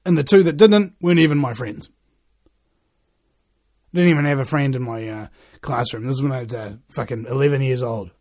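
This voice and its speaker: A man's voice: mid-range voice, a little fast, long pauses, darkish tone. A man giving a rambling, profane monologue, ranting and throwing out rhetorical questions.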